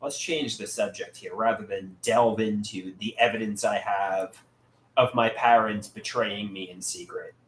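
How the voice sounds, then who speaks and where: This livestream host has a voice on the low side, though it stays lively and up-and-down as he responds to chat messages. His delivery is halting, with frequent repeated words and restarts. A faint noise lies beneath the noticeable room echo.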